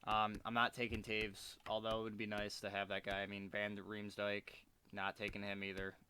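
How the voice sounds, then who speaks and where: A man's voice: fairly low pitch, completely flat delivery, moderate pace, pushed and bright, slight background noise. A man giving casual commentary while playing a hockey management game, frustrated and swearing, muttering to himself at his desk. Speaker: gaming video creator.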